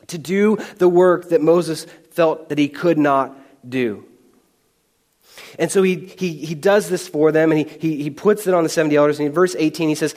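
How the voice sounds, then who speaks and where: Animated man preaching a sermon. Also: a little high. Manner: animated, repeats words. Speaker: pastor.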